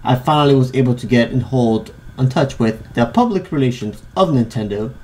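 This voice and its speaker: A man co-hosting a podcast in casual chat, excitable and tripping over his words. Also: medium pitch, a little fast. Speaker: podcast co-host.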